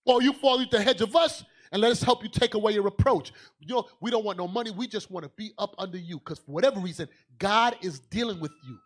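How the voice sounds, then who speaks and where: Speaking fast with hardly any pauses, a man preaches as a bishop, fiery and emphatic. He calls out to the congregation, veering from quiet asides to booming declarations.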